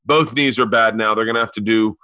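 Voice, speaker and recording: A man's voice: fairly low pitch, fairly quick, dry recording, clean studio sound. A man in his forties hosting a podcast, telling stories in casual chat and acting out other people's voices. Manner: animated storyteller who acts out quoted voices. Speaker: podcast host.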